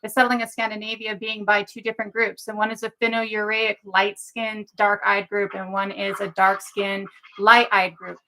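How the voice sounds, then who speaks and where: A woman makes a measured, methodical counterpoint in casual discussion. Her delivery is flat and gravelly, with a bright tone. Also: mid-range voice, a little hiss or hum, rough recording.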